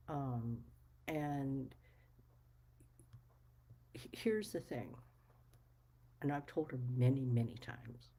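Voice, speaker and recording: A woman vlogger speaks candidly to her viewers in a casual monologue, her low, mellow voice carrying a husky edge. Blunt, firm and emphatic, she curses freely as she makes her case. The recording quality is low.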